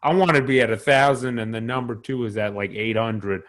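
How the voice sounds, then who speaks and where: A man's voice: medium pitch, brisk, fairly bright tone. A young man co-hosting a podcast in casual chat, rambling with many restarts and fillers. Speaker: podcast co-host.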